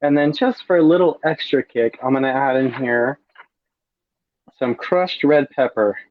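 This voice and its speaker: A man's voice: mid-range voice, measured pace, dry recording, muffled recording. Campy man demoing a recipe. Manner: campy, chatty, savoring each bite aloud. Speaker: drag performer cooking on a livestream. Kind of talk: casual cooking demonstration.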